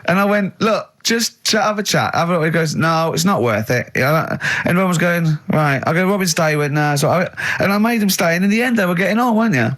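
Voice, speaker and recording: A man hosting a comic radio chat, telling stories animatedly and laughing loudly. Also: a little high, fast, hardly any pauses. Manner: animated anecdote-telling, bursts of loud laughter. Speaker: radio show host. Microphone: studio microphone.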